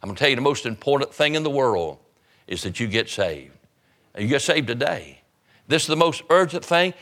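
A man's voice: medium pitch, big pitch swings, fairly quick, fairly bright tone. A man preaching an evangelistic sermon, urgent and fervent, hammering home repeated phrases.

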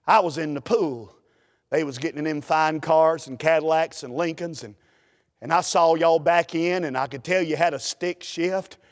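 A bold, brash woman climbs out of the pool and talks folksy and direct, as a preacher puts her on. Her voice sits lower than his own, and it rings through a long church reverb. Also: normal speed, close to an everyday voice. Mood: coaxing.

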